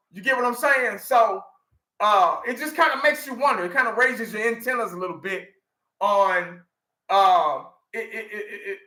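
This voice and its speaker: A man's voice: very high voice, sharp tone, roomy sound. A middle-aged man from Texas, chatting casually to his viewers and rambling with lots of restarts. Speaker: fan channel host. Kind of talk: casual chat.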